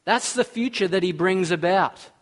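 A man's voice: sits high, normal speed. A man preaching a sermon, earnest, asking the listeners questions and reading scripture aloud.

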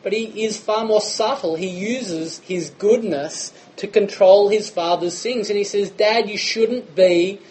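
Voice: medium pitch, measured pace, hardly any pauses, warm tone, slight background noise, rough recording. A preacher, giving a conversational sermon full of rhetorical questions.

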